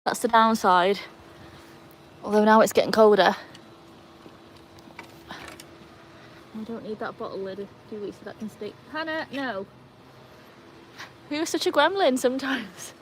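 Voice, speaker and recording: A woman's voice: fairly high pitch, unhurried, long pauses, slight background noise. A woman hosting a casual livestream in her garden, chatting to viewers while fussing over her dogs. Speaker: livestream host. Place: outdoor garden.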